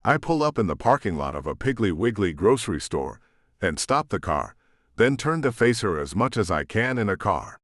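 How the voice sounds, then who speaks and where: A man narrating a romance audiobook in the first person, with an expressive reading. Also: on the low side, normal speed, no room sound, clean studio sound.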